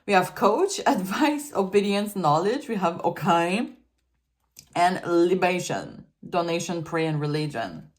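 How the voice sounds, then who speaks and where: Chatty woman, lowish voice. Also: lively intonation, unhurried. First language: French. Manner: chatty and giggly, loose filler-heavy talk. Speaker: tarot reader. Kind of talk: casual tarot reading.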